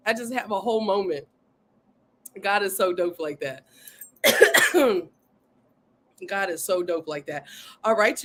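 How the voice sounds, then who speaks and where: A woman hosting a casual livestream, excitedly reading viewer comments aloud and often saying "y'all.". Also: medium pitch, a little hiss or hum. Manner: says "y'all" often, Southern-tinged speech. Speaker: livestream host.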